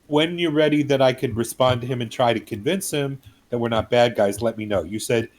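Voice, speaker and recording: A man's voice: medium pitch, a little fast. A man who is a player in a tabletop game, talking casually and making jokes. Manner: joking, chatty.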